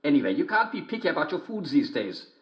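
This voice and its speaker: A man voicing a sly wolf that fakes a grandmother's voice in a shrill, wheedling falsetto. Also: sing-song, quick pace, muffled recording.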